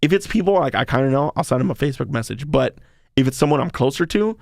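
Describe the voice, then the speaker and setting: A young man co-hosts a podcast, animatedly telling a rambling story at a quick pace and swearing freely. His mid-range voice has vocal fry and a darkish tone. The studio sound is clean, with no echo.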